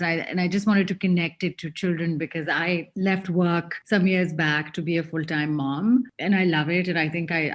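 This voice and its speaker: A woman in her thirties, a stay-at-home mom appearing as a podcast guest, who talks in an earnest, eager and slightly rambling way. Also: deep voice. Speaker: guest, museum-going mom. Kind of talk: podcast interview.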